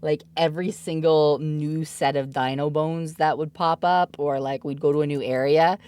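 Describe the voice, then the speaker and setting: A woman's voice: sits low, moderate pace, hardly any pauses, a little mellow, dry recording. A woman in her thirties, a mother streaming, chatting casually and giggling often as she tells stories. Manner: giggly, laughs often while telling stories. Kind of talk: casual chat.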